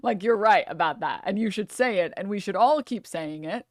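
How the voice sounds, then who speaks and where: A woman's voice: medium pitch, expressive, moderate pace, darkish tone, dry recording. Woman in a stream clip, teasing and emphatic, dry close sound. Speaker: content creator in a played clip. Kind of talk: casual stream chat.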